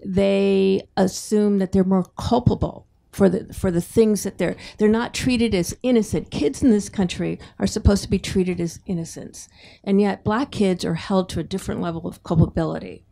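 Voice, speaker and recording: A woman asks a long, carefully worked-out question at a book talk, pausing and correcting herself as she goes. Her voice has a gravelly edge and a mellow tone. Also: medium pitch, fairly even intonation. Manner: slow, searching delivery with self-corrections.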